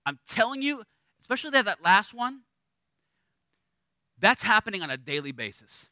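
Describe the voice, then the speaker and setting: A middle-aged man preaching a sermon as a pastor, conversational and animated, acting out little voices in his stories. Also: high voice, normal speed, dry recording.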